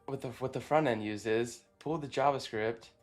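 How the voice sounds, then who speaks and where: A man streaming live as he works, excitable and swearing, exclaiming in disbelief between quick technical explanations. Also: mid-range voice, faint music behind. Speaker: automation agency founder streaming live. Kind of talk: live-stream coding reaction.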